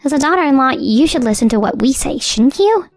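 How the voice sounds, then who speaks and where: A cold, scornful mother-in-law, put on by a woman narrator. Her voice rides high and she talks down to people in a bossy, dismissive way. The sound is dry and close, with soft music underneath. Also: expressive, fairly quick, dry recording.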